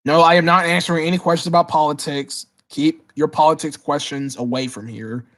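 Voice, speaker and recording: A man hosting a casual livestream Q&A, reading chat questions aloud and answering in an excitable way, often repeating words as he restarts his sentences. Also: fairly high pitch, a little fast. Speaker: livestream host.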